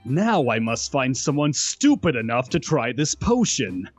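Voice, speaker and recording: A scheming young man drawls through his plans very slowly, as a man acts him out. His husky voice swings widely in pitch as he muses in a mock-villainous way. This is a comedic fan fiction reading. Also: big pitch swings, soft background music. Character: scheming young man plotting a love potion test.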